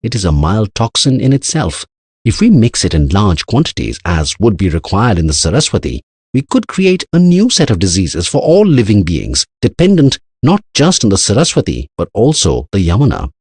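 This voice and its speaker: A man's voice: on the low side, wildly swooping pitch, moderate pace, a little mellow, breathy edge, no room sound, voice pushed up, exaggerated voice. A man voicing an anxious older male scientist who explains at length in an earnest way. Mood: grave.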